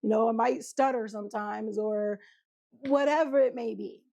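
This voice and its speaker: Woman relationship coach, country twang, higher voice with a gravelly edge, casual talk, acts out quotes. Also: normal speed, warm tone, muffled recording. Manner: chatty, laughs often, acts out quotes. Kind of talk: casual monologue to camera.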